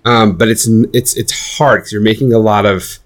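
A young man in casual conversation, telling animated stories with many fillers and restarts. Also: lowish voice, normal speed. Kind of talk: casual chat.

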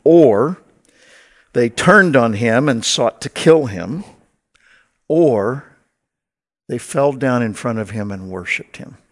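A male pastor delivers a sermon in a relaxed, conversational way. He speaks at an ordinary middle pitch and mixes wry, joking asides in with his teaching. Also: slow, pauses often.

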